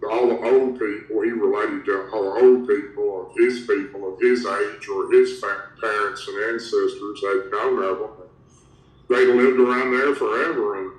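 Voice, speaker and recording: Low-voiced man telling a story. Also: steady tone, normal speed. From Tennessee, USA. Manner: rambling, strings events together with "and". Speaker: guest recounting a creature encounter. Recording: roomy, distant from the mic.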